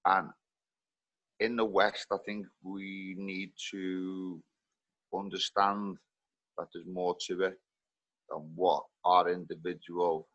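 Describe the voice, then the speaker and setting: A man with a Liverpool accent speaking earnestly on a group video call, halting with many restarts. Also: sits low, fairly bright tone, no room sound, lo-fi sound. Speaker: community participant.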